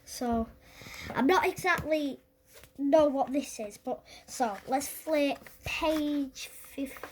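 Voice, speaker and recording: A British speaker showing books on a casual vlog, thinking aloud with many fillers and pauses while flipping through pages. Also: high voice, a little hiss or hum. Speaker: book collector vlogger. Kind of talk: casual show-and-tell.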